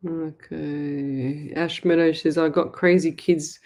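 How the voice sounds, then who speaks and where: A middle-aged Australian woman hosting a live psychic show, chatting and reading viewer comments aloud in a warm, chatty way. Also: low voice, steady tone, takes it slowly. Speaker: psychic medium show host.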